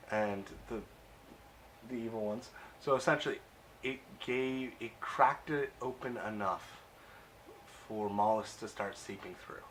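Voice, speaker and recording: A man's voice: medium pitch, a bit bright, slight background noise. A man casually recapping and reviewing a TV episode, chatty and amused, with plenty of uh and um.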